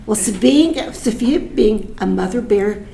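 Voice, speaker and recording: Aunt telling stories at a memorial. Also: female voice, medium pitch, animated, a little slow, gravelly, slight background noise. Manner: warm, humorous storytelling with laughter. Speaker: aunt giving a eulogy. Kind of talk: storytelling at a memorial. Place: room at a memorial gathering. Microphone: handheld microphone.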